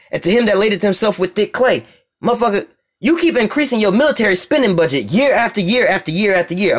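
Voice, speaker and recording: An American man preaching, reading scripture aloud and commenting on it in blunt, profane street talk, often checking that listeners follow him. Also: high-pitched. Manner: profane, blunt, keeps asking "you see what I'm saying".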